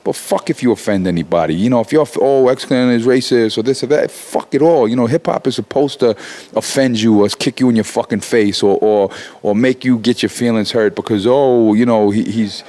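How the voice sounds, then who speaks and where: A man's voice: mid-range voice, fairly quick. A man in his forties, a rapper talking as an interview guest, swearing freely and restarting his sentences as he gets worked up. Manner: animated, swearing, many restarts. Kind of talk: profane casual interview talk.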